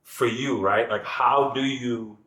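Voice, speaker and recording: A man's voice: medium pitch, fairly even intonation, takes it slowly, a bit bright. A man talking as a guest in a casual podcast conversation, earnest and circling back with many restarts. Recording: echoey room.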